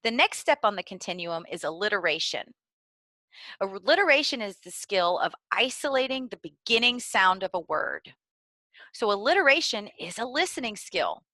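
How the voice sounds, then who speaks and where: A woman giving clear, deliberately enunciated instructional narration for preschool teachers. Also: mid-range voice, big pitch swings, sharp tone, dry recording. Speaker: early literacy trainer.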